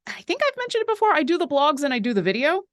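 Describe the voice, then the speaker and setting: A woman's voice: sits high, very animated, a bit bright, no echo, studio quality. A woman co-hosting a live painting stream, reading viewer questions and chatting in a rambling, talkative way. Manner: chatty and rambling, quick asides.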